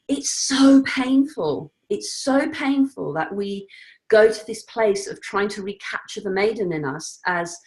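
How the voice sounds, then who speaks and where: Earnest woman guest in conversation. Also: fairly high pitch. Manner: earnest, reflective, animated with laughs. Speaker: interview guest. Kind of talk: conversational interview.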